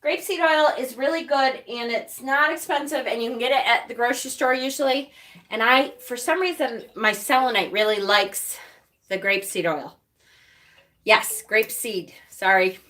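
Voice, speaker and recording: A woman's voice: sits high, moderate pace, a bit bright. A woman with a Rochester accent hosting a casual livestream, chatty and rambling, laughing often and answering viewer comments. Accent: Rochester, New York. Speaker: witchcraft channel host.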